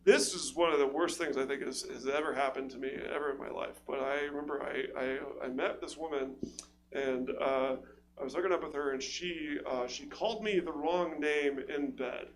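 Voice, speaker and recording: A man from California performs a rambling, self-deprecating stand-up set, stammering through restarts and laughing at his own jokes into a stage mic before a live crowd. His voice is fairly high-pitched and his pace moderate. The live show is noisy, with audible hum.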